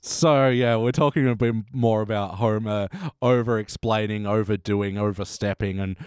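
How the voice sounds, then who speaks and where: A man's voice: on the low side, fairly even intonation, moderate pace, darkish tone, clear, resonant tone, dry recording. A man chats through a casual podcast review as host. He jokes drily and laughs often. The sound is dry and close. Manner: laughs often, wry and joking.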